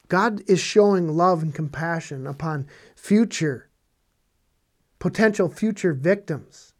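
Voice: mid-range voice, darkish tone. A Bible teacher delivers a sermon with emphatic, conversational preaching. Points are hammered home by repeating phrases, and rhetorical questions are posed to the listeners. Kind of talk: preaching on scripture.

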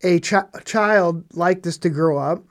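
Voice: mid-range voice, unhurried. Emphatic preacher with rhetorical questions. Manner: emphatic, repeats phrases for stress; rhetorical questions, conversational asides. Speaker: Bible teacher. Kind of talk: preaching on scripture.

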